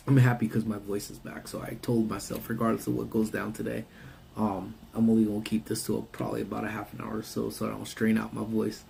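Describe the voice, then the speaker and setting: A man's voice: lowish voice, little pitch movement, a little fast, vocal fry, a little mellow, slight background noise. A man hosting a casual live stream from his parked car, rambling and answering his chat. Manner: laid-back, rambling, reads and answers chat. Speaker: livestream host.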